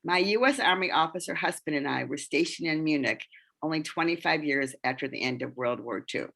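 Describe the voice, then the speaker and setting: Woman from the American Midwest, podcast co-host, gravelly fry with a bright, forceful edge, wry. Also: low voice, animated, a little fast. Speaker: podcast co-host, theater project founder. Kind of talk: podcast self-introduction.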